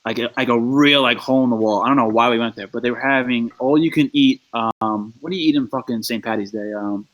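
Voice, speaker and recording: A man's voice: mid-range voice, quick pace, few pauses, a bit bright, lo-fi sound. A man telling a story in casual podcast chat, laid back and full of fillers, with some swearing.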